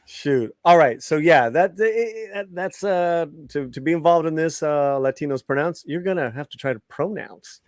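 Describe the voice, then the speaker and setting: A man hosting a casual podcast chat, animated, laughing often and repeating his phrases. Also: fairly high pitch, normal speed, few pauses, no room sound, studio quality. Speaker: podcast host.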